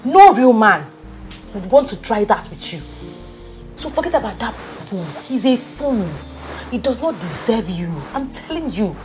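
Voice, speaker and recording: An actress playing a loyal, bossy best friend with a Nigerian accent in a film drama, talking insistently and repeating herself. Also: female voice, fairly high pitch, very animated, a little slow, darkish tone, faint music behind. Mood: reassuring. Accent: Nigerian, with Pidgin English. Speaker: consoling friend.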